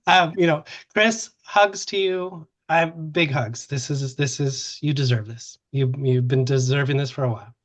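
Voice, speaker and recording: A man's voice: mid-range voice, moderate pace, few pauses. A man speaking off the cuff on a video call, caught off guard and rambling. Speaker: team instructor. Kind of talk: casual off-the-cuff remarks. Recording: dull lo-fi call audio.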